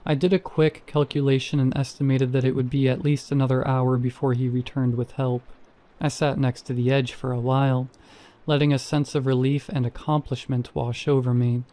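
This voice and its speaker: A man reading a first-person horror story in a measured, tense way. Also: mid-range voice, warm tone. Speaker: narrator.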